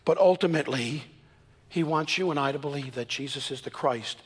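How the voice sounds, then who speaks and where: Preaching in church, this man in his fifties has a slightly high, husky voice. His storytelling is earnest, and his emphatic pace alternates between quick and slow.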